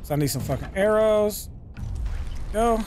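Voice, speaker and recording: A man giving casual, profane let's-play commentary, talking to himself and to the game and breaking into loud excited yells. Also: high-pitched, measured pace, slight background noise. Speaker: gaming channel host.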